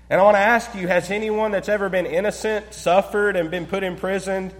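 A man delivers a sermon in a voice pitched well above most men's, and the room carries a long, ringing reverb. He pauses for effect and sinks to a near-hush on his key points. He keeps asking the congregation rhetorical questions. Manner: preaching with dramatic pauses, dropping to a low hush on key words. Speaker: pastor.

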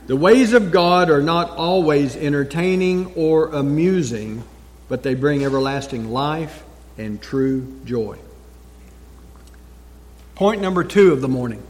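A male pastor delivers a sermon in a fairly high voice. He stresses his points, repeats short phrases and leaves dramatic pauses. A long reverb trails each word through the church.

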